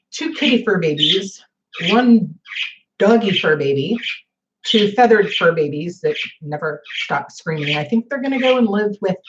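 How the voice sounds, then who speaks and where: A woman's voice: on the low side, highs cut off, a little hiss or hum. A woman in her forties chatting casually in a home vlog, rambling with lots of fillers. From northern United States. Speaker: vlogger. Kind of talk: casual chat.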